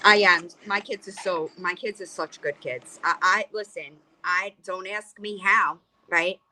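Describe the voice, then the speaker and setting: A woman's voice: on the low side, fairly even intonation, a little slow, pushed and bright. A middle-aged woman hosting a livestream, ranting bluntly and profanely and rambling with frequent restarts. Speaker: livestream host. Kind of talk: casual livestream rant.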